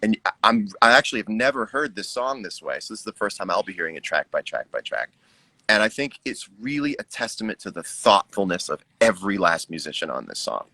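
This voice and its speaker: A man's voice: fairly low pitch, very animated, brisk, bright, forceful tone, no echo, poor audio. A middle-aged American musician talking casually about his record on a livestream, reflective and joking. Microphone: video call.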